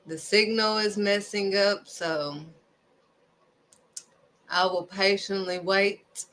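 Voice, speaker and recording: A woman's voice: mid-range voice, fairly even intonation, takes it slowly, fairly bright tone. A woman hosting a devotional video, preaching casually and emphatically, firing off rhetorical questions. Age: adult, raising children.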